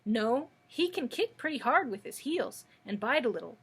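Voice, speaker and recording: A woman's voice: on the high side, sing-song, normal speed, a bit bright, slightly rough, full character voice. A woman reading as plucky little Dorothy. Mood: eager. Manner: eager, forthright. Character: young girl Dorothy, plucky and curious.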